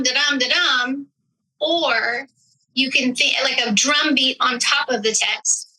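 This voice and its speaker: Woman guest on a studio podcast, high, very bright tone, reflective storyteller. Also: rough recording. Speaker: actress, writer and director guest. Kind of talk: podcast interview.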